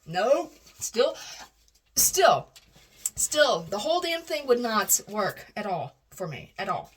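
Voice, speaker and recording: A woman's voice: medium pitch, very animated, slow pace, slightly rough. Rambling woman telling a story. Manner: rambling, with frequent restarts and self-corrections. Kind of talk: casual storytelling vlog.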